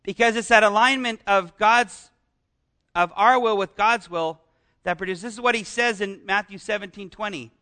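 Male pastor, high and bright, conversational sermon delivery with questions to the congregation. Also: normal speed.

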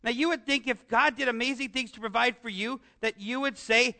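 A man preaching a conversational sermon into an amplified microphone, animated and often asking his congregation rhetorical questions. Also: extremely high pitch, brisk, hardly any pauses. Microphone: amplified microphone with some feedback.

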